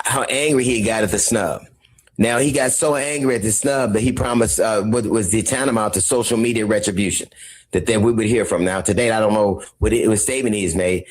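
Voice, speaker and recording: A commentator in a played clip, talking haltingly with many fillers and repeating his points. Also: medium pitch. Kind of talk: measured talk-show commentary.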